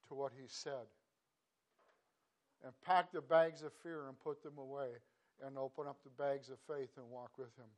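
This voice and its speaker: Pastor, male, slightly high voice, earnest and halting devotional preaching with emphatic peaks. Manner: earnest, halting with repeated restarts, rising to emphatic bursts. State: choked up. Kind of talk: devotional sermon.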